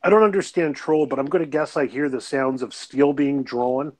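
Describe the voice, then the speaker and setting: A man's voice: mid-range voice, normal speed, no echo, rough recording. A man playing a tabletop game, talking casually and pushing the group to keep going. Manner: talkative, reasonable, keeps the group moving. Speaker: player.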